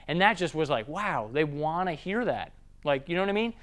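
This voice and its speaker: A young man with a Southern US accent giving a casual sales training talk, acting out customers in quick voices. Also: on the high side, lively intonation, a bit bright.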